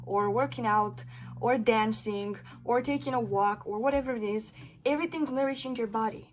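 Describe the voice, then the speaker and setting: This tarot reader's voice sits fairly high and moves at a normal speed, though the audio quality is poor. Doing a pick-a-card reading for her viewers, she talks earnestly and bluntly, swearing at times for emphasis and asking spirit questions aloud as she pulls cards.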